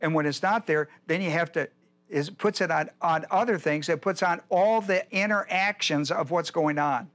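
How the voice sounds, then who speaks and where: A man's voice: fairly high pitch, normal speed, a bit bright. Older male pastor teaching folksy. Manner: folksy, digressive, repeats himself. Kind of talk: Bible study teaching. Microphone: whiteboard lecture in a church.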